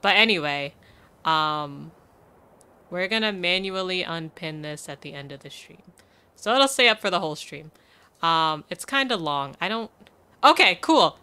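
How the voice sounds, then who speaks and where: A woman's voice: lowish voice, animated, a little slow, pushed and bright, smooth. A young woman streamer chatting casually on a live game stream, rambling with lots of fillers and laughter.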